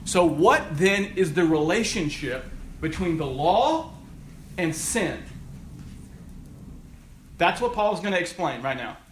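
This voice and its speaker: A man's voice: a little high, animated, takes it slowly, pauses often, slight background noise. A man preaching a sermon, teaching through a text with emphatic rises on the verses he quotes. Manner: emphatic, rising on quoted scripture. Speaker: pastor.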